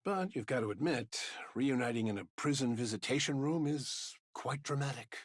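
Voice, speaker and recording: A man's voice: mid-range voice, normal speed, no room sound, lightly acted. An actor playing an aging male commander in a game, with a dry, teasing way of talking. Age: older. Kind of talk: game voice acting.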